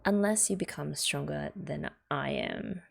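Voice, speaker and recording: An Australian woman reading the lines of a stern older male teacher of gem people in a flat, measured lecturing tone. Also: deep voice, gravelly, heavily acted.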